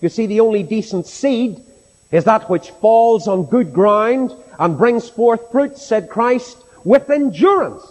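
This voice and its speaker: A man's voice: sits high, expressive, takes it slowly, darkish tone. A middle-aged man with a Northern Irish accent preaching a sermon in a church, impassioned and rhetorical, mimicking his doubters. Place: church with a long reverb. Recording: reverberant church hall.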